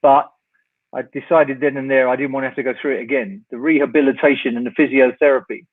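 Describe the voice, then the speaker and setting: A man's voice: mid-range voice, fast. An older man, a guest telling a long anecdote, wryly acting out both sides of the dialogue. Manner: lively raconteur, wry, acts out the dialogue. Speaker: guest, rock singer. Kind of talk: storytelling anecdote in an interview. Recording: tinny phone-like line.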